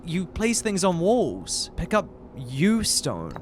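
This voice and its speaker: A man commentating his own playthrough of a game, excitable, swearing often and reacting loudly. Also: sits high, slow, slight background noise. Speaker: streamer playing a game. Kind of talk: let's play commentary.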